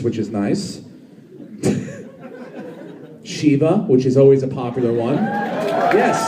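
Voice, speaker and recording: The clip catches a man in his thirties bantering with a club crowd during a profane, brash stand-up set. His voice is fairly high, and the echoey room, distant mic, background noise and audience laughter all come through.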